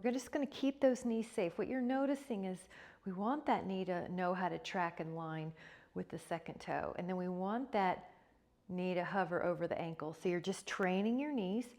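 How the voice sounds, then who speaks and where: Woman guiding a yoga class. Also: mid-range voice. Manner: calm, encouraging cueing with repeated breath prompts. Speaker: yoga instructor. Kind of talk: guided yoga class instruction.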